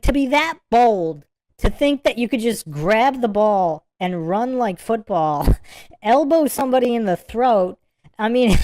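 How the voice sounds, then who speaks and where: Woman, livestream host, casual reaction commentary, giggly, rambling, bouncy pitch. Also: darkish tone, no room sound. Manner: giggly, keeps breaking into laughter; rambling, repeats itself.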